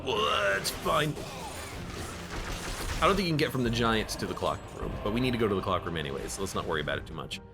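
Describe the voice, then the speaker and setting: Man, game streamer, casual chatty commentary, animated pitch, game music behind. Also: racing, few pauses. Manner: chatty, jokes at the game and at himself.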